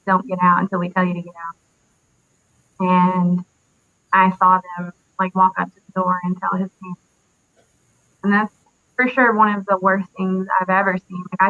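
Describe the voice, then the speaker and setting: A woman's voice: mid-range voice, no echo. Young woman recounting loss, tinny dry audio. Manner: halting, many fillers and pauses. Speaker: interview guest, military widow. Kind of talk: emotional personal recollection.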